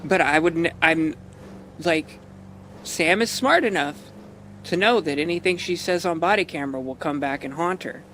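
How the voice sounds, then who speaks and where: A man with a fairly high-pitched voice chats to his stream while driving in a role-play game, rambling and swearing as he laughs things off. A quiet hum of game engine noise runs beneath him. His talk is loose, casual and unscripted. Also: moderate pace. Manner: rambling, profane, laughs often. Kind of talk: out-of-character gameplay commentary.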